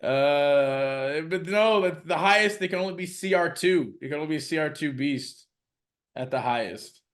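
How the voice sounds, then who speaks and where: Man, fairly high pitch, halting, repeats words, casual gaming podcast chat. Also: lively intonation. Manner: halting, restarts and repeats while looking up rules. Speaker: co-host.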